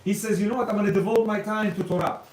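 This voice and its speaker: A man with a fairly high voice gives a casual religious lecture to a live audience. He asks rhetorical questions and keeps slipping into other people's voices. He sounds distant from the mic, and the hall echoes. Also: steady tone, quick pace, darkish tone, slight background noise. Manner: conversational, rhetorical questions, acts out quoted speech. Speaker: rabbi giving a Torah class. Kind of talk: informal Torah lecture to men. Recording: roomy echo, distant mic.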